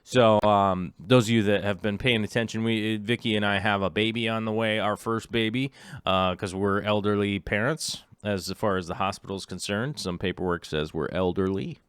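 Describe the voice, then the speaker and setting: A man's voice: lowish voice, normal speed, a bit bright, clean tone, dry recording, studio quality. A middle-aged man hosting a livestream in casual chat. He rambles with many ums and restarts and reads viewer comments aloud. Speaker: livestream host.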